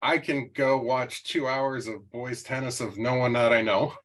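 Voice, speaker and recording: A man in his forties hosts a podcast in a chatty, joking, storytelling manner. His voice sits in a mid-range pitch, and his delivery is loose and easygoing. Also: fairly even intonation, moderate pace, a bit bright, poor audio. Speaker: podcast host. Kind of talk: casual interview chat and anecdote.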